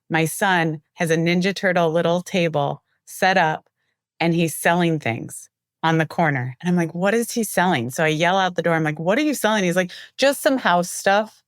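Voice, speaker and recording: A woman with a somewhat low voice chats casually as an interview guest. She tells lively stories and brings the dialogue to life as she quotes it. The sound is dry and close to the mic. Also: dry recording. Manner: lively storyteller who acts out quoted dialogue. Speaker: marketing executive, guest.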